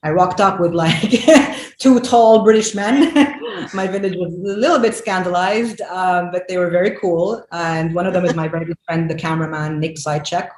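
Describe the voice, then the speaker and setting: A woman in her forties with a low voice speaks in an animated, emphatic way as a filmmaker guest. She keeps restarting her sentences and filling gaps with "like" and "you know." Her voice rings in an echoey room over faint background noise. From Lebanon. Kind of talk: conversational interview.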